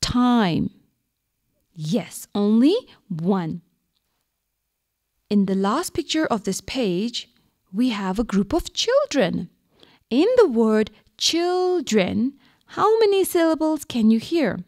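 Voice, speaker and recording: A woman teacher from Bhutan giving a radio lesson to young children, slow and patient, asking questions and answering them herself. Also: a little high, big pitch swings, a little mellow, no echo, studio quality. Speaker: primary school teacher.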